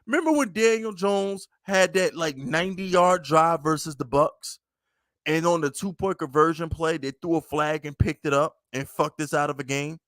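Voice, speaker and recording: Animated, profane New fan. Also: male voice, a little high, normal speed, dry recording. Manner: animated, profane, laughs a lot. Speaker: podcast host. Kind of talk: casual livestream sports chat.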